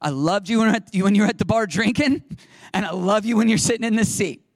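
A man's voice: high voice, a little fast, dry recording, pitched above the performer's own voice, close to an everyday voice. A male preacher voicing God speaking tenderly and reassuringly to a person in a sermon.

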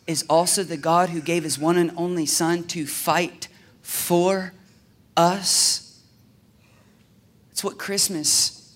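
A preacher delivers a sermon in a bright, forceful voice. He drops to near-hushed, intimate passages, then climbs to ringing shouts on the big lines. He speaks to the congregation directly. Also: high voice. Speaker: pastor. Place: church service.

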